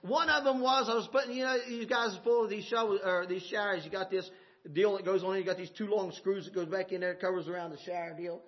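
A man preaching a sermon, swinging from loud shouted points to low murmurs, with laughing asides. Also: steady tone, fast talker, dull audio.

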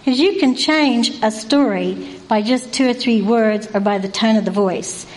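High-pitched woman, folksy devotional talk, keeps asking rhetorical questions, earnest. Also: normal speed, darkish tone, poor audio. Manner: folksy and repetitive. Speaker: Christian devotional speaker.

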